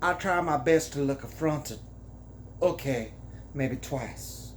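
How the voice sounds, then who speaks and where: A man's voice: on the high side, slow, a little hiss or hum. Man doing a giddy flustered young woman. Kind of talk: comic dramatic reading.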